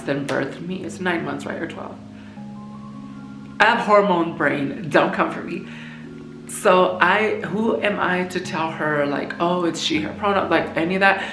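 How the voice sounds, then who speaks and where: Chatty young woman in an echoey room. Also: lowish voice. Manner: chatty, slangy, candid. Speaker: vlogger. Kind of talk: casual update vlog, Q and A. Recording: echoey room with music playing.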